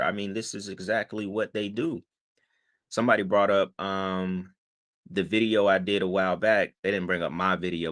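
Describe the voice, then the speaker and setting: A man's voice: low voice, a bit bright. A man hosting his channel, speaking, casually reacting to a clip and talking straight to viewers with lots of fillers. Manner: conversational, addresses viewers, filler-heavy. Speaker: channel host.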